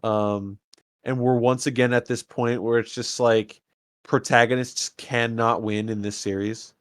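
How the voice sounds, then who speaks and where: A man's voice: medium pitch, little pitch movement, unhurried, no room sound, studio quality. A man co-hosting a casual podcast, recapping a horror film with wry, opinionated comments. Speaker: podcast co-host. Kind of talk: casual movie-review chat.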